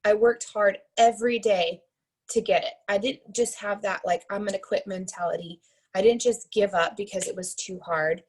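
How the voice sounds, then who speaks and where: Husky woman telling a motivational story. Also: mid-range voice, steady tone, normal speed, darkish tone, rough recording. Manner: chatty, tags points with "right?" and "like". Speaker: team leader giving a motivational talk.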